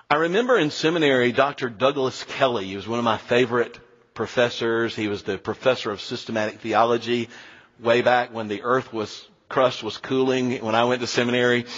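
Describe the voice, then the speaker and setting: A male pastor preaching a sermon in an animated, conversational way with frequent asides. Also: mid-range voice, breathy edge, long reverb tail, lo-fi sound.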